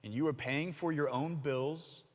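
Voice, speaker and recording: Animated young-sounding male youth preacher. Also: fairly high pitch, unhurried. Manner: animated storytelling with jokes and asides. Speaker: youth pastor. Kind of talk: youth sermon. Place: church hall. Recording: long reverb of a large hall.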